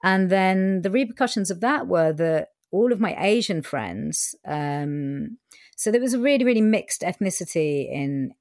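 A woman's voice: on the low side, darkish tone, no echo, clean studio sound. A woman from England, telling her own story frankly in an interview, with plenty of fillers and the odd swear word. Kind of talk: candid personal storytelling.

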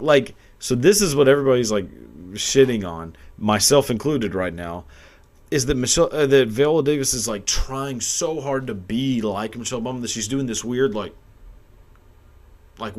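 A young man with a mid-range voice talks at a normal pace into his camera's built-in mic, delivering a crude comedic rant. He's a video commentator who rambles, swears, and keeps cracking up with laughter.

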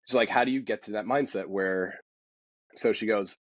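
Male golf pro, podcast guest: rapid, husky, lowish voice, dry dull lo-fi sound. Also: no room sound. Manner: rapid, animated storytelling with many restarts. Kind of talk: casual podcast interview.

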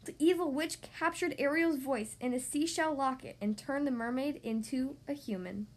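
Woman narrator, high voice, storybook read-aloud, slight stumbles. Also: normal speed. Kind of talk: storybook reading.

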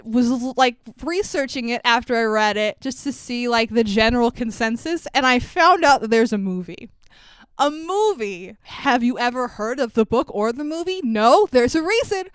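Animated, foul-mouthed woman podcast host. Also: on the high side, smooth, dry recording. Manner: animated, swears freely, laughs often. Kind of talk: casual movie review chat.

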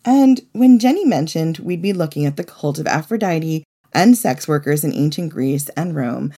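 A woman with a gravelly voice, co-hosting a podcast, talking fast and excitedly. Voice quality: gravelly, low voice. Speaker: podcast co-host. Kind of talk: casual podcast chat.

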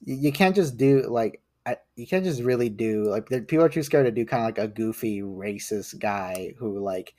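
Podcast guest, male, lower voice, rambly and animated, recorded dry and close. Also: moderate pace, few pauses, dry recording. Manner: rambling, animated, lots of restarts and fillers. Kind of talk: casual podcast chat.

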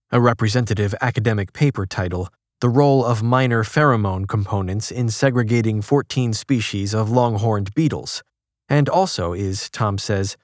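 A man narrating a magazine feature in a measured, even reading, shifting his tone a little for quoted lines. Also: lowish voice, no echo, studio quality. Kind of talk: scripted narration.

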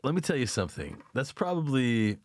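A man's voice: mid-range voice, sing-song, brisk, darkish tone, a little hiss or hum. A man hosting a casual podcast chat, playful and teasing, swearing freely. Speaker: podcast host.

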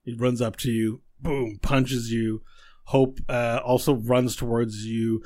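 A man narrating as game master of a tabletop game, telling the scene with animated energy and frequent laughter. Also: medium pitch, slow pace. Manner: animated storytelling, laughs often.

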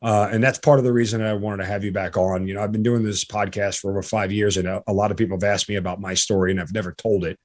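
A man hosting a podcast in a halting, earnest way, full of restarts, and audibly emotional. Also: lowish voice, steady tone. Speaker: podcast host. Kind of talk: casual interview chat.

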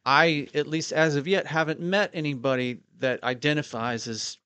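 A man with a slightly high voice, hesitant and careful, often stumbling as he picks his words in casual podcast chat. The sound is dry and close. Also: steady tone, normal speed, sharp tone, clear, resonant tone, no room sound. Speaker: podcast co-host.

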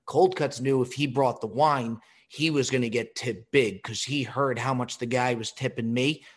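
A man hosting a podcast, telling anecdotes in a lively, profane way and acting out the people in them. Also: mid-range voice, moderate pace, breathy edge. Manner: animated, profane, acts out quotes. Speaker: podcast host. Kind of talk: casual storytelling.

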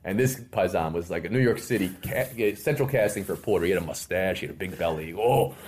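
A man's voice: deep voice, fast talker, a little hiss or hum. A middle-aged man, a podcast guest, telling a long story with lots of energy and putting on voices for the people in it. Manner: lively, theatrical, acts out other people's lines. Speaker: interview guest. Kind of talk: animated storytelling.

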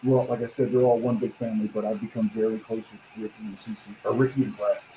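A man's voice: lowish voice, fast talker, roomy sound, slight background noise, rough recording. A man, a guest on a chat show, telling stories casually and acting out what others said. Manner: animated storyteller, acts out quotes, swears casually. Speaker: guest, pro wrestler.

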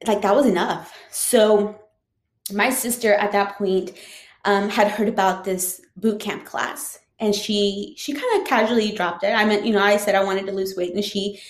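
A woman's voice: mid-range voice, fairly even intonation, moderate pace. A woman who is a teacher, casually telling a personal story with lots of fillers. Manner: chatty, frequent "like" and "um" fillers. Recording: roomy echo.

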